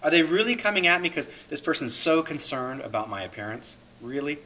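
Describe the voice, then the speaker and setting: Animated, bright-voiced male coach. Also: on the high side, brisk. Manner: repeats key points, talks through examples. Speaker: holistic coach. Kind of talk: recorded class talk.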